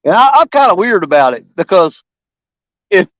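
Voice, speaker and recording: Man, high voice, dry close sound, folksy and enthusiastic live-stream chat by a river. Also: very animated, normal speed, fairly bright tone, dry recording, rough recording. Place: outdoors by a river.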